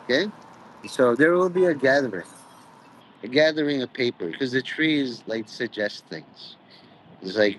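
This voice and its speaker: A man's voice: medium pitch, expressive, normal speed, low-quality recording. A man with an ordinary mid-range voice rambles through a loose, stream-of-consciousness monologue. He swears casually, leans on "you know" constantly and slips into half-mocking sermon tones, with faint noise in the background. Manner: meandering, profane, peppered with "you know"; mock preachy, drifts into quoted voices.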